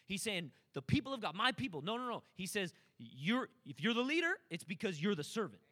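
A man preaching a sermon, swinging between quiet asides and loud, climbing shouts. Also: high voice, very animated, fairly quick. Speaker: pastor.

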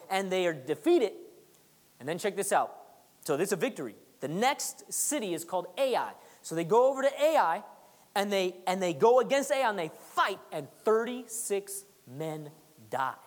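Lively pastor preaching in an echoing hall. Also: medium pitch. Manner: conversational, repetitive emphasis, teasing asides. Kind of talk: sermon. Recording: long reverb of a large hall.

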